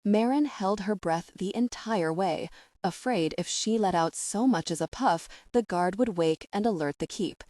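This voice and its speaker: A woman narrating an audiobook in a measured, dramatic storytelling manner on a close mic. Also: mid-range voice, darkish tone, dry recording. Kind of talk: scripted narration.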